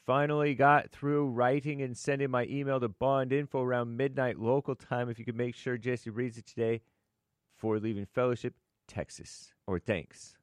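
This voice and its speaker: A man's voice: mid-range voice, little pitch movement, normal speed, clean tone, no echo. An American man co-hosting a live talk show, reading viewer messages and headlines with offhand comments and frequent chuckles. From United States.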